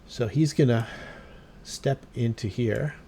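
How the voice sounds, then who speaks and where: Male game master, mid-pitched, slow deliberate delivery, filler-heavy narration of combat. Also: vocal fry, mellow, a little hiss or hum. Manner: unhurried, thinking aloud with fillers.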